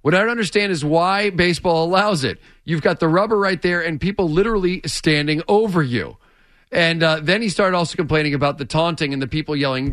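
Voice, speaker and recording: A man's voice: on the high side, quick pace, fairly bright tone, dry recording, clean studio sound. A man co-hosting sports radio, wry and storytelling, working himself up as he goes. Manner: wry, storytelling, gets worked up. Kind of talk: casual morning sports talk. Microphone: studio mic.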